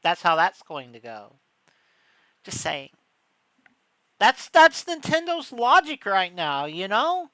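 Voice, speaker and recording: A woman's voice: medium pitch, huge pitch swings, takes it slowly, pauses often, a bit bright, no room sound. A woman streamer giving a rambling, sarcastic reaction commentary on gaming news, often exasperated.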